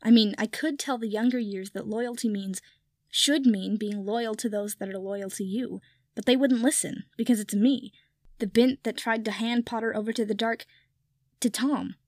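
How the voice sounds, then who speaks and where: A woman's voice: on the high side, moderate pace, no room sound, clean studio sound. A woman reading aloud voices a tipsy, foul-mouthed young witch who talks bluntly. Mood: bitter. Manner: swears freely, blunt. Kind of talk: audiobook fan fiction reading.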